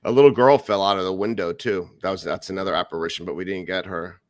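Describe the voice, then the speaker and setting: A man's voice: sits low, fairly even intonation, fast talker, no echo. A man co-hosting a paranormal radio show, telling an easygoing anecdote in casual chat.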